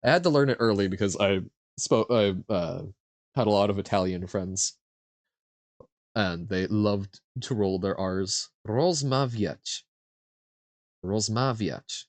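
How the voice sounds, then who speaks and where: A young man streaming a vocabulary quiz, slowly sounding out foreign words, guessing aloud and laughing at himself. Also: fairly low pitch, no room sound. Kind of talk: casual live-stream chat while playing a vocabulary quiz.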